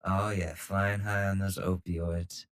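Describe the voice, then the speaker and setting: Chill guy hosting a podcast from home, slowish, lowish voice. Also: flat delivery. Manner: laid-back, joking. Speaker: podcast host. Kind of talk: casual chat.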